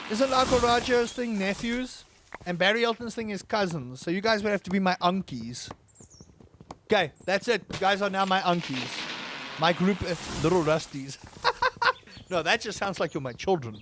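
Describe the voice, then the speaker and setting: A high-voiced man talks casually on a live game stream, wandering from thought to thought and poking fun at himself. He reads his chat aloud and answers it. A faint hiss runs under the recording. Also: expressive, moderate pace. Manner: rambling, self-mocking, reading chat aloud.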